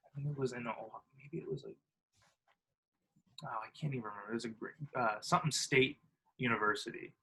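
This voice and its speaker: A young Illinois man in his twenties, guesting on a podcast, tells casual, animated stories in a mid-range voice that is fairly quick, slightly rough and marked by vocal fry and long pauses. The recording is low quality. He imitates other people, uses lots of fillers and laughs often.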